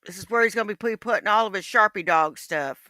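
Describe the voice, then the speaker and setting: Bright, crisp-voiced woman streamer, profane. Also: medium pitch, quick pace, no room sound. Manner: profane, folksy, rambling. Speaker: livestream host. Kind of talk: casual livestream chat.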